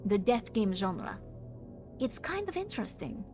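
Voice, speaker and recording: A female streamer reads her chat aloud in a stern, flat, deadpan voice, using a heavy fake German-Russian accent and leaving out articles. Her mid-range voice sounds close to how she normally talks, and she speaks slowly with a comically menacing edge while music plays behind her.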